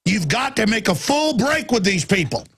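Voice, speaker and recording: Radio host guy ranting hard, raspy breathy voice, kinda high. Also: big pitch swings, moderate pace. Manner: intense, ranting, swinging between shouting and low urgent tones. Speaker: radio talk show host. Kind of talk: impassioned talk radio monologue.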